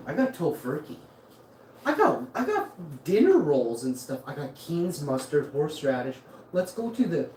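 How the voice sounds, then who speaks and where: A man's voice: mid-range voice, roomy sound, very noisy. A man hosting a casual livestream from his home kitchen, cooking while he rambles, jokes and cuts himself off mid-thought. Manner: joking, meandering, self-interrupting. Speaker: livestream host.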